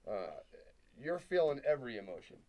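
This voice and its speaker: Mid-pitched man hosting a casual interview. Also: sing-song, normal speed, a little mellow. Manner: encouraging interviewer, short affirmations and follow-up remarks. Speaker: host.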